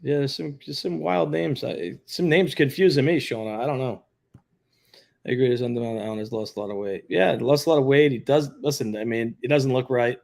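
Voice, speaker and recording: A man in the middle of a casual livestream, talking offhandedly to viewers in the chat. His delivery is blunt and conversational, with an ordinary mid-range pitch, like a retired cop thinking out loud. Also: steady tone, fairly quick, creaky. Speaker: retired law enforcement livestream host.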